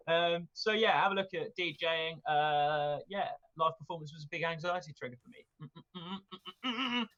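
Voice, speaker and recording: A man's voice: a little high, brisk, few pauses, bright, forceful tone, dull audio. A man co-hosting a casual chat podcast, joking and rambling, swearing freely and laughing often. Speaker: podcast co-host.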